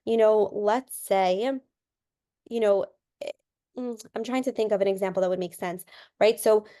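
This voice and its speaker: A female counseling guest speaks smoothly at a moderate pace, her voice in an ordinary middle range, during a relaxed interview. Examples carry her explanations, and she tends to repeat a word as she starts over.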